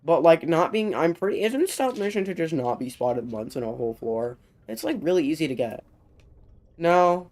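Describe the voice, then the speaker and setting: This young man's voice is on the high side, fairly quick, with hardly any pauses as he casually commentates on his game as a streamer. He rambles and interrupts himself animatedly, sounding short of breath.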